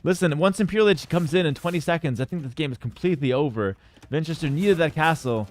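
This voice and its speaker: High-voiced excitable male game caster. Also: quick pace. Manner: casual, opinionated, bursts into excited shouting. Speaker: esports caster. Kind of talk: live game commentary.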